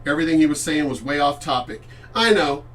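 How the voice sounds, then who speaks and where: High-voiced man ranting and swearing. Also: expressive, brisk, fairly bright tone, far from the mic, faint music behind. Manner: profane, emphatic, addresses a friend by name. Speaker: channel host. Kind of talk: casual ranting monologue.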